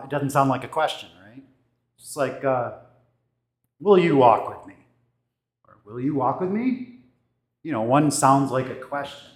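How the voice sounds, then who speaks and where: Male pastor, slightly high voice, conversational teaching, echoey sanctuary. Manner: conversational, thoughtful, with restarts and gestures. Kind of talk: casual teaching talk to a congregation. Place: church sanctuary. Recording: echoey church room.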